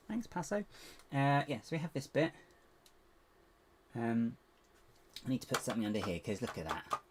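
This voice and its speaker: A man chatting to viewers in a casual building vlog, rambling to himself with playful squeaky exclamations. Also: noisy background. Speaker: LEGO builder and channel host.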